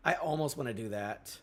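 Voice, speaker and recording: A young man reviewing a manga chapter on a casual live stream, excitable and full of fillers. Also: mid-range voice, slightly rough. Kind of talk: casual live reading and reaction.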